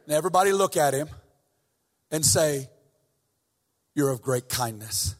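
A man preaching a sermon with intense, sing-song, shouting delivery that drops at times to soft, tender talk, quoting scripture and having the crowd repeat after him. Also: a little high, lively intonation, unhurried, long pauses, big-room sound. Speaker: guest preacher.

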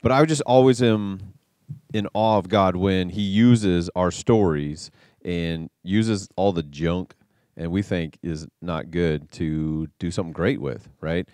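A man's voice: low-pitched, slow, darkish tone, no room sound, clean studio sound. A man hosting a church interview, reflecting in a rambling way and reading aloud from scripture. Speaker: church host interviewing a guest.

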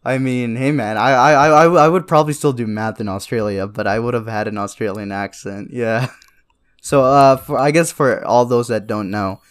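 Young dude on a podcast, smooth clear voice, swears a lot, laughs, rambles on. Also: male voice, mid-range voice, moderate pace. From immigrated to Canada young. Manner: profane, rambling, laughs often. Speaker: podcast co-host. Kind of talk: casual late-night chat.

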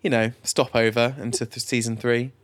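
A man's voice: mid-range voice, level tone, moderate pace. A man with an English accent co-hosting a podcast, chatting casually with many fillers and restarts. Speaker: podcast co-host. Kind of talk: casual chat.

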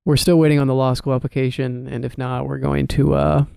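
A college-age man co-hosting a podcast, talking casually and relaxed, often repeating a word as he starts a sentence, recorded on a home microphone. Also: medium pitch, brisk, vocal fry, clear, resonant tone, dry recording, studio quality. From Chicago area. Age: early 20s. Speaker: podcast co-host. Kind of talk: casual chat.

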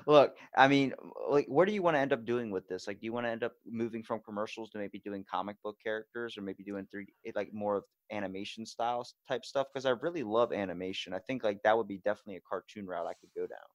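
Fast-talking, low-voiced male podcast host. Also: dry recording. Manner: fast, rambling, playful. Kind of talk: casual podcast chat.

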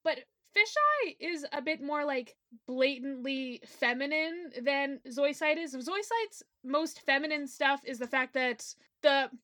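A woman's voice: sits high, expressive, a little slow, few pauses, pushed and bright, no room sound, studio quality. A woman co-hosting a casual podcast, chatting enthusiastically and gushing about characters she loves, with the odd swear word. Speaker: podcast co-host. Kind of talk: casual fan chat about an anime.

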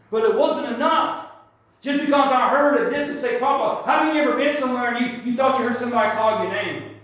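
Older preacher guy, really high voice, testimony sermon w lots of church echo. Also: brisk. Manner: testimony storytelling that builds to shouted praise. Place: church sanctuary. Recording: very echoey church hall.

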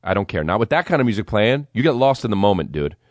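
A man hosting a comedy podcast, telling a rambling story in an excitable, profane way with lots of restarts. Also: on the low side, quick pace, no echo. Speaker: podcast host.

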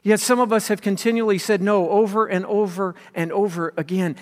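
High-voiced preaching man in echoing hall. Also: steady tone, brisk. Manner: dramatic, swings from loud emphasis to hushed whispers. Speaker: pastor. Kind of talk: sermon. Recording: long hall reverb.

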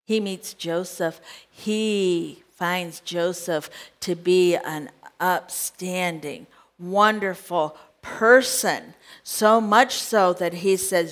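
A woman's voice: fairly low pitch, very slow, few pauses. A woman preaching a sermon, telling a scripture story with drama and asking the congregation direct questions.

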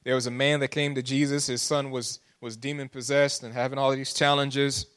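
A pastor delivers a sermon in a mid-range, fairly bright and clean voice, keeping a level tone at a moderate pace. He draws listeners in with questions and builds to pleading emphasis, his intensity rising, with call-and-response asides.

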